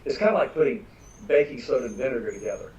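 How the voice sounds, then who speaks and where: A man's voice: mid-range voice, quick pace. Emphatic older man, distant and roomy. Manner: emphatic, animated anecdote-telling. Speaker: nutritionist guest. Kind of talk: conversational interview storytelling. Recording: distant roomy mic with dull lo-fi sound.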